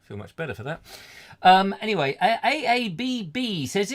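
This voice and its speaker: A man's voice: high voice, sing-song, moderate pace. Middle-aged guy rambling on a live stream, punny, voice swoops up and down a lot. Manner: rambling, punning, bursts into silly voices and song. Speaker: host of a comedy live-stream chat show.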